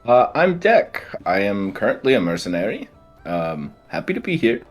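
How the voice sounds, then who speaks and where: Playful low-voiced male player. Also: wildly swooping pitch, moderate pace, lo-fi sound, faint music behind. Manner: playful, joking. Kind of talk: playing a tabletop game.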